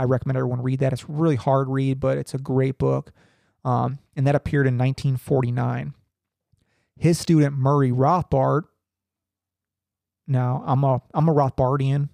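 A young man reading a text aloud in a halting way, full of ums and restarts, with casual asides. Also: medium pitch, vocal fry, warm tone, no echo, studio quality. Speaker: podcaster reading and commenting.

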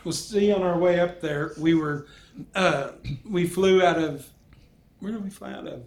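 A man in casual chat, telling an animated story and laughing as he goes. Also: high-pitched, unhurried.

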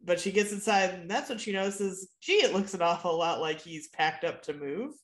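A woman's voice: on the low side, moderate pace, roomy sound. A woman co-hosting a casual chat about a TV episode, wry and sarcastic as she retells scenes. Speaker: podcast co-host.

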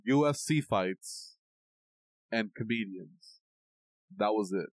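A man's voice: fairly low pitch, slow pace, no room sound, poor audio. A young man talking casually on a podcast, rambling with lots of fillers and mocking impressions. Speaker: podcast co-host. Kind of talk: casual chat.

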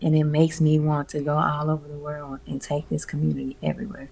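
A woman with a low voice and a gravelly, fry-edged texture talks casually as an interview guest. She tells her stories with animated emphasis, breaks into laughter often and drops casual swearing. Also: fairly quick. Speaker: guest, community music event organizer. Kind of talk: casual conversational storytelling.

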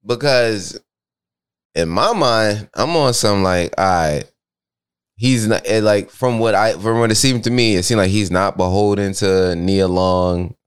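A young man co-hosting a podcast in casual chat, rambling and animated, jumping up high when he reacts. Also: a little slow, clean tone. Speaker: podcast co-host.

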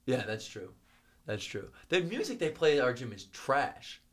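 A man's voice: medium pitch, big pitch swings, normal speed. A young man co-hosting a podcast in a studio, talking casually and animatedly, laughing often and swearing freely. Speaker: podcast co-host. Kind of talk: casual chat. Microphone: studio microphone.

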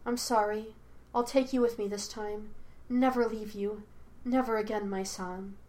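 Lady reading as a creepy clingy ghost mom, soft murmurs that snap into hissing. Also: mid-range voice, steady tone, a little slow, close to an everyday voice. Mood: tender. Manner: murmuring tenderly, then hissing with cold rage. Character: ghostly spirit woman posing as a mother, clinging, possessive.

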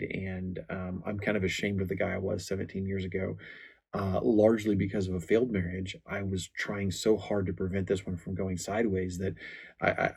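A deep-voiced man in his forties talks earnestly about marriage from a faith angle, his tone gravelly and a little husky. He tells personal stories candidly, often restarting his sentences. His pitch stays low and fairly even throughout. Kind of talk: faith-based marriage talk.

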